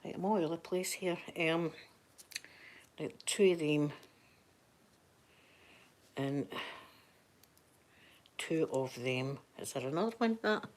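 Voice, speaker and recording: A Scottish woman chatting softly for a live ASMR stream, easy and rambling, slipping now and then into whispers, close to the microphone. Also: low voice, slow pace, pauses often. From Scotland. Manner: soft-spoken, chatty, drifting into whispers. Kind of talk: soft-spoken ASMR chat.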